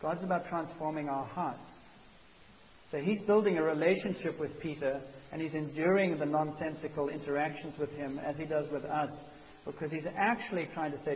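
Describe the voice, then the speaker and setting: A man preaching a sermon as a pastor, animated and conversational, acting out quotes. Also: on the high side, moderate pace. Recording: dull hissy recording in a reverberant hall.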